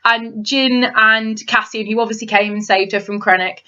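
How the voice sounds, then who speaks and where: A woman co-hosting a casual film review chat, retelling scenes with excited, animated delivery. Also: moderate pace. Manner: excitable, animated storytelling with big pitch swings. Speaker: podcast co-host. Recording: dull lo-fi home recording.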